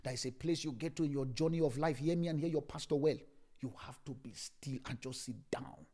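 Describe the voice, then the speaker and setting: A male pastor preaching a sermon, repeating phrases and moving from hushed whispers to loud shouts. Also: medium pitch, a little fast.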